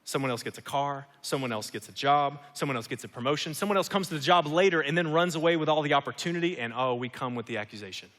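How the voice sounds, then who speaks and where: A man's voice: fairly high pitch, lively intonation, fast, few pauses, fairly bright tone. A man preaching a sermon as pastor, emphatic and repetitive, firing off rhetorical questions. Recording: long hall reverb.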